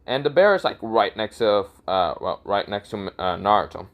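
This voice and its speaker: A man's voice: on the low side, animated, moderate pace, highs cut off. Male narrator, casual improvised fan story, rambling, lots of fillers and self-corrections.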